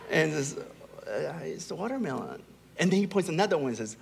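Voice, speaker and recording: A man's voice: a little high, big pitch swings, brisk, creaky, noisy background. A middle-aged man preaching a sermon as a pastor, telling stories and building to emphatic, rising peaks. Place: large church hall. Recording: long hall reverb.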